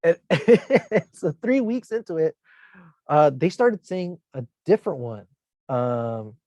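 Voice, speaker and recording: In a casual podcast conversation, a middle school teacher who co-hosts the show spins rambling stories and mimics his students with tonal shifts. His voice is a little high, very animated and mellow, moving slowly; the audio is dull but echo-free.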